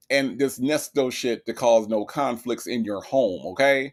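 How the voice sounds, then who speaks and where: Man stream host, emphatic reactive commentary, mid-range pitch, keeps checking in with the chat. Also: a little slow. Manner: emphatic, keeps asking "right?".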